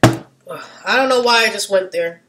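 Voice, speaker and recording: A woman vlogger talking casually, wandering off into side rants, losing her train of thought, and getting loud at times. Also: mid-range voice, normal speed. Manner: animated, gets loud at times. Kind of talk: casual rambling monologue.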